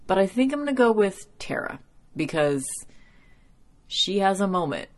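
A woman's voice: medium pitch, very animated, normal speed. A young adult woman hosting a podcast, giving a chatty, profane episode recap full of "like," sounding tired after a workday. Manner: chatty, profane, heavy use of "like". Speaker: podcast host.

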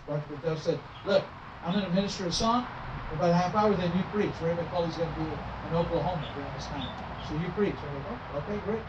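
A middle-aged man, a traveling minister, telling stories in a sermon and acting out the dialogue. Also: on the high side. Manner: animated storytelling, acting out dialogue. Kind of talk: sermon storytelling. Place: church sanctuary. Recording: roomy, distant, muffled with noise.

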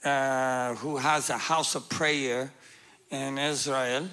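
A man's voice: mid-range voice, level tone, slow pace, bright, forceful tone, smooth. A man, a guest speaker, telling a humorous testimony story and laughing often.

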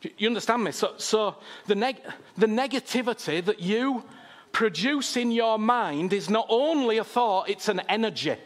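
Male preacher, fairly high voice, impassioned sermon, repeats himself, rhetorical questions. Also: expressive, normal speed.

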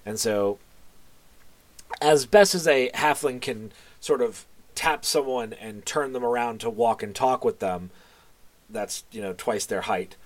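A man's voice: lowish voice, no echo. A man narrating as game master in a tabletop game, hesitant with many fillers, over a voice call.

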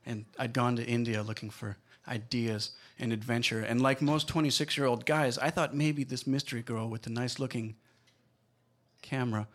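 A man's voice: mid-range voice, fairly even intonation, moderate pace. A man narrating a personal story at a live storytelling show, in a wry, self-deprecating way.

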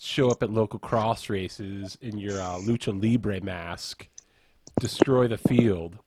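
Aussie male co-host, joking storyteller, lowish voice, dry sound. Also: slow pace, a little mellow, dry recording. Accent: Australian. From Australia. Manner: jokey, laid-back storyteller. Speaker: podcast co-host. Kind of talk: casual podcast chat.

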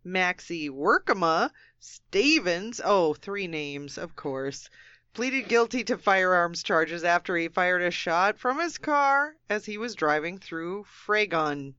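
A woman's voice: fairly low pitch, animated, takes it slowly, sharp tone, clean tone, dry recording, lo-fi sound. An American woman co-hosting a comedy radio show, reading odd news stories with sarcastic asides and frequent giggles. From United States. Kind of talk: comic news reading and banter.

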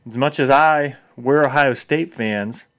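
A man in casual sports chat as co-host, restarting sentences and getting loud when excited. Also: medium pitch, unhurried.

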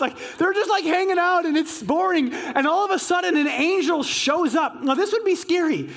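A man with a strikingly high voice delivers a sermon to his congregation. He tells his stories with bubbling excitement and acts out the dialogue of the people in them. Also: a little fast, vocal fry, hardly any pauses. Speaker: pastor.

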